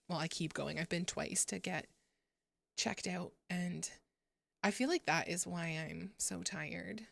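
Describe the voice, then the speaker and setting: With vocal fry in her mid-range voice, a young streamer hangs out with her gaming audience, giggling and swearing freely. The audio has no echo.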